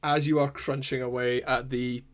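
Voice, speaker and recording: A man's voice: medium pitch, little pitch movement, normal speed. Man narrating as game master.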